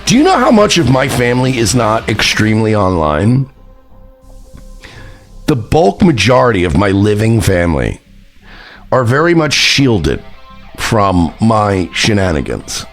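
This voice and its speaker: A man with a fairly low voice hosts his own stream, talking in a rambling, mocking way with lots of swearing. His pitch swings widely as he talks, and faint guitar music plays in the background. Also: big pitch swings, a little slow. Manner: profane, rambling, mocking, full of "like" fillers. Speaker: streamer and show host. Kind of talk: casual stream commentary.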